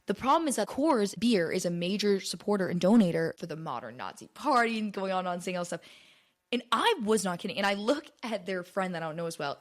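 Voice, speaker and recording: A woman in her twenties hosting her own podcast, telling a rambling, swear-filled story in casual chat with lots of "like". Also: on the low side. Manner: chatty, rambling, swears often, heavy use of "like". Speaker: podcast host.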